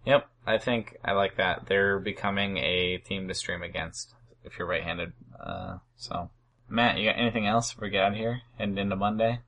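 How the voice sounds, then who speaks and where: A man's voice: low-pitched, fairly even intonation, moderate pace, fairly bright tone, a little hiss or hum. A man co-hosting a casual fantasy baseball podcast, dry and teasing, with a mild Oregon accent. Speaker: podcast co-host.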